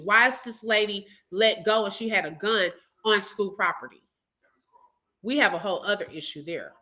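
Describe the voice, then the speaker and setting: A woman's voice: a little high, pushed and bright. A woman hosting a reaction stream, giving indignant, emphatic commentary to her viewers. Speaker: commentary channel host.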